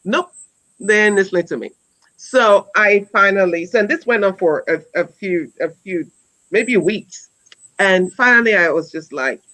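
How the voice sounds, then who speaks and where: A woman's voice: medium pitch, animated, a little slow, a bit bright, low-quality recording. A woman in her forties, an educator, telling a story in a conversational way. She speaks earnestly, with many restarts and repeated words, and ends by urging listeners on. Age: 40s. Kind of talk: conversational storytelling on a wellness talk.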